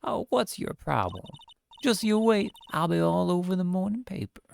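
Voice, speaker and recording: A man's voice: high-pitched, sing-song, moderate pace, vocal fry, a little mellow, pitched above the performer's own voice, exaggerated voice. A man reading game dialogue aloud, voicing a brash young female tabloid photographer with a Southern drawl. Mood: pushy. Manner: pushy, folksy drawl.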